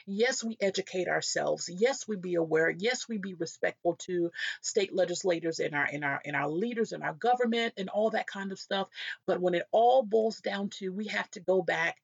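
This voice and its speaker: Earnest woman with a gravelly voice. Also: lowish voice, moderate pace, dry recording. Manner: earnest, storytelling, acts out quoted voices. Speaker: Christian speaker. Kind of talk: devotional talk with personal stories. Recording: dull lo-fi dry recording.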